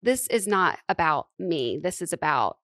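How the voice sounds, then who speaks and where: A woman hosting a podcast in casual chat, giggly and gushing, talking in quick bursts on a close mic. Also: on the low side, very animated, a bit bright, no echo. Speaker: podcast host.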